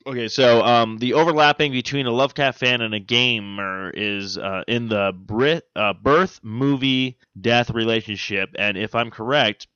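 A man hosting a casual podcast, joking and crude, often pausing with "uh" and "um". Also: medium pitch, sharp tone, clean tone, no room sound, muffled recording. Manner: joking, crude, fills pauses with "uh" and "um". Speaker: podcast host. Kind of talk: casual chat.

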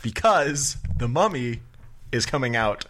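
A man's voice: medium pitch, animated, a little slow, a bit bright. A man co-hosting a casual movie podcast, joking and teasing his co-host.

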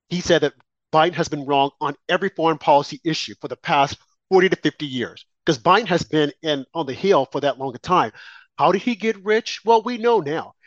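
A man's voice: medium pitch, dry recording, lo-fi sound. A man hosting a political talk show, delivering an indignant, emphatic monologue full of rhetorical questions.

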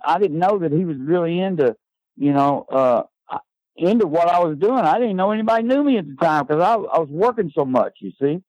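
A man's voice: fairly high pitch, a little fast, no room sound, muffled recording. Older man telling a rowdy story. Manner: lively storyteller, ends lines with "man". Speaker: guest, former wrestling manager. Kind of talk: animated anecdote telling.

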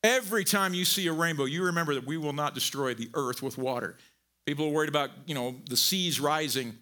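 Bright-voiced animated male preacher. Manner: animated, swinging from low and quiet to loud emphatic peaks; conversational, folksy asides. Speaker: pastor. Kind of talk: sermon.

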